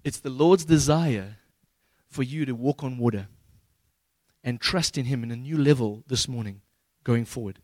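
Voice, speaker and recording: A man's voice: mid-range voice, moderate pace, a little mellow, no echo. Dry, casual preaching man. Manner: casual, humorous storytelling with slang paraphrases. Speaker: pastor. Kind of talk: sermon.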